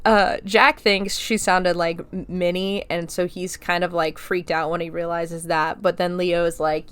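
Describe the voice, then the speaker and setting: A woman's voice: fairly low pitch, fairly even intonation, unhurried, a bit bright, clear, resonant tone. A woman hosting a podcast, casually recapping a movie scene by scene, chatty and swearing freely as she acts out the quotes. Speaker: podcast host.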